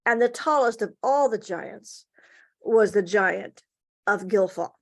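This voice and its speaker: A woman storyteller spins a giant folktale at an online story swap, speaking expressively with dramatic pauses and rising emphasis. Her voice sits at an ordinary pitch. It comes through a video call from home. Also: animated, creaky. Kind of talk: oral folktale telling.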